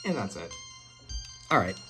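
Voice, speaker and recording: A woman's voice: a bass voice, very animated, measured pace, bright, forceful tone, faint music behind. A woman playing through a video game, reading the text aloud and reacting. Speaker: game streamer.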